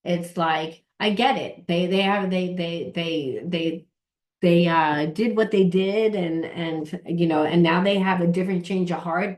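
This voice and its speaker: A woman's voice: on the low side, fairly even intonation, measured pace, a little mellow. A woman giving a casual tarot reading, rambling, repeating herself and swearing offhandedly. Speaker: tarot reader and trauma coach.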